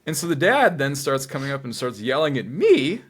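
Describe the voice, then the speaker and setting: A man guest telling a story with dramatic flair, dropping into hushed asides for his inner voice. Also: mid-range voice, very animated, fairly quick, slightly rough. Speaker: cosplayer guest. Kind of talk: animated storytelling.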